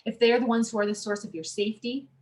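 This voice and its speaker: A woman speaks as a coach in a relaxed teaching talk, earnest and conversational. She often restarts her sentences and fills pauses with small words as she explains her point. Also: fairly high pitch.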